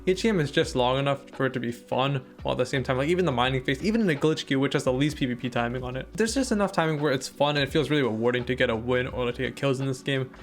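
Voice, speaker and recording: A man's voice: mid-range voice, very fast, few pauses. A young man giving casual commentary over his own gameplay, rambling and full of fillers. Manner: rambling, filler-heavy, excitable during fights. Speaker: gaming YouTuber. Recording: background music under voice.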